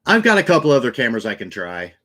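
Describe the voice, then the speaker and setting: A man's voice: mid-range voice, wildly swooping pitch, fast talker, pushed and bright. A man hosting a livestream in casual chat, loose and talkative with frequent restarts. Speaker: livestream host.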